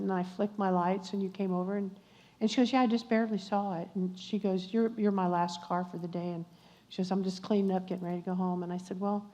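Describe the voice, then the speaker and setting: An older woman with a drawl recounts a testimony, slipping into the voices of the people in her story. Her tone is dark and mellow, heard through a slightly dull recording with a long reverb from the hall around her. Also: mid-range voice. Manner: animated storyteller acting out dialogue, warm asides to audience. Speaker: guest speaker at a church luncheon. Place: church luncheon hall.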